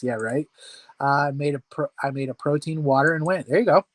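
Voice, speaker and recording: A man's voice: on the high side, brisk, no echo. A man hosting a casual weight-loss support chat from home, talking in a rambling, self-deprecating way with laughs.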